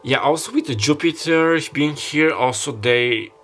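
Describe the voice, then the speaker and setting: A man's voice: on the high side, a little slow, a bit bright, soft background music. Hesitant tarot reader, man. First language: not English. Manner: rambling, hesitant, searches for words aloud. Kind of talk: casual tarot reading monologue.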